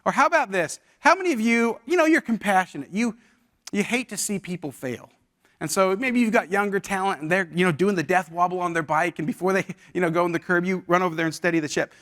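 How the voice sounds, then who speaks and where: A man's voice: high-pitched, quick pace, a bit bright. A man in his forties presenting a leadership workshop, talking conversationally with the audience and telling stories. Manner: conversational storytelling with audience questions. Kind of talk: live workshop talk. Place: university event hall.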